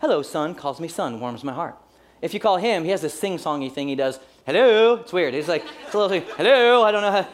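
Preaching in a casual, easygoing style, a pastor in his forties talks at a quick pace in a voice on the high side. He uses humor throughout and plays out small scenes from daily life.

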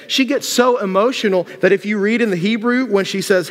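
A man with a high voice preaches a casual, joking sermon and tells the story in an animated way. His words carry through a church sanctuary with a long, ringing reverb. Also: brisk, hardly any pauses. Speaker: pastor.

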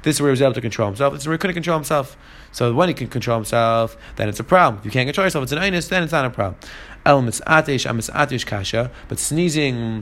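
Fast-talking man teaching a Talmud class. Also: medium pitch, a bit bright. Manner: translating each phrase and mixing in Hebrew and Aramaic terms.

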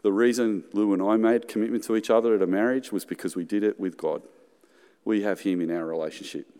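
A man's voice: lowish voice, fairly even intonation, fast, dark tone, clear, resonant tone. A middle-aged Australian man preaching a sermon in a conversational way, with joking asides and acted-out quotes. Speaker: pastor. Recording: hall reverb.

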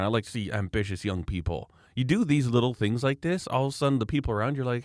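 A man's voice: medium pitch, quick pace, hardly any pauses, no echo, studio quality. A man talking in a casual, opinionated, rambling way, acting out the people he quotes. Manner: opinionated, rambling, animated quoting. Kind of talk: casual political chat.

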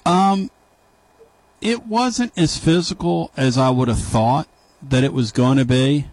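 A man's voice: medium pitch, slow pace, a little mellow, no room sound, low-quality recording. A man hosting a sports call-in radio show, ribbing his callers with needling jokes. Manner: joking, needling banter. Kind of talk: casual sports talk.

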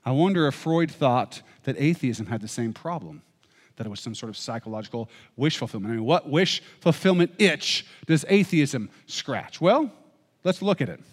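Male preacher, emphatic sermon delivery with a swinging, animated pitch, recorded with long hall reverb. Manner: emphatic, asks rhetorical questions.

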